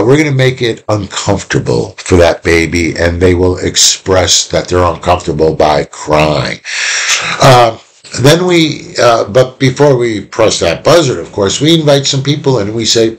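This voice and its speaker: Man with a low voice, casual instructor. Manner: casual, animated, acting out examples. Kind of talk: recorded lecture to viewers. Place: at home.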